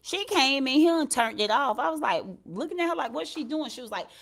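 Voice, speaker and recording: High-voiced chatty woman livestreaming from home. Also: expressive, brisk, creaky, a bit bright. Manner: chatty, talks straight to viewers, laughs and swears freely. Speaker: livestream commentary host. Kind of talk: casual live commentary to chat. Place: at home, upstairs. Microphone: computer mic on a livestream.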